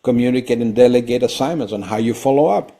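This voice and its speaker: A man, a company founder, explaining ideas on a conversational podcast in an emphatic way that turns louder when he gets excited. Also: medium pitch, quick pace.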